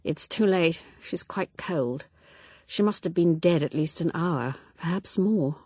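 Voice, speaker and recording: A woman voicing a composed woman speaking gently and quietly. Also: on the low side, unhurried, breathy edge, no room sound. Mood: subdued.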